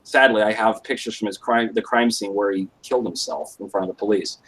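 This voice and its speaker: A man's voice: fairly low pitch, a little fast, a bit bright, slightly rough, low-quality recording. A young man telling a rambling story on a live stream, swearing constantly and filling with "like". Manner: rambling, heavy swearing, lots of "like". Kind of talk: casual storytelling.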